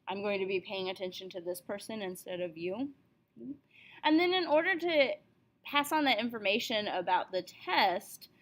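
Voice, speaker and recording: A woman teaching a recorded writing lesson, explaining points step by step and reading short example passages aloud. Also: high voice.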